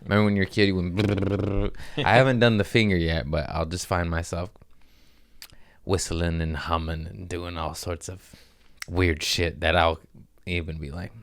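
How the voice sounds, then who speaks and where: A man hosting a casual comedy podcast, rambling and animated, slipping in and out of goofy voices. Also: low-pitched, moderate pace, vocal fry, no room sound. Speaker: podcast host.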